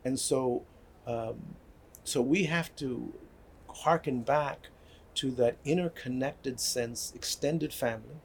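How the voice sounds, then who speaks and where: Slowly and in a mid-range voice, an older man speaks as a guest about healing and community, with slight background noise. He earnestly tells stories in a conversational manner, repeating words and often checking in with "right?"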